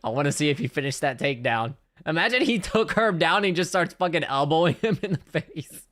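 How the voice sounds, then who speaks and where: A man hosting a livestream watch party, giving casual, excitable play-by-play of a fight and swearing freely. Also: fairly high pitch, brisk. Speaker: livestream host.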